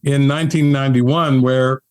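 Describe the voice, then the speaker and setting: A man and spiritual teacher telling his story in an interview, earnest and animated, often laughing. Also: medium pitch, normal speed.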